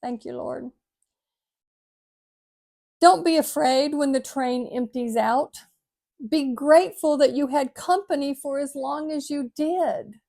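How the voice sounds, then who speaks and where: Gentle, high-voiced older woman. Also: unhurried. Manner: gentle, heartfelt, sometimes choked up. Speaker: vlogger. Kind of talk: reflective talk reading an inspirational piece.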